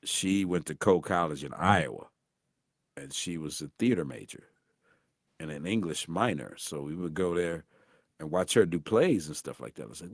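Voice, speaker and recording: A middle-aged man from St. Louis with a deep voice, telling animated stories as a guest voice actor in a casual interview. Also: moderate pace, no echo, studio quality. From St. Louis, USA. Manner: animated, acts out voices in anecdotes.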